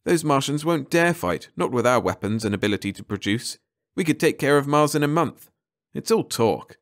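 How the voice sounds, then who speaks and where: A man's voice: mid-range voice, animated, normal speed, voice pushed up, close to an everyday voice. A man voicing a brash, chatty young male passenger on a spaceship.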